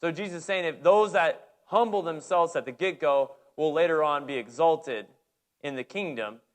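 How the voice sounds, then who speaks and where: Male pastor, higher-pitched voice, lively storyteller, repeats himself when excited. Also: moderate pace. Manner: animated storytelling, shouting when reliving the game, many restarts. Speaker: pastor and girls' basketball coach. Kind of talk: sermon with personal story.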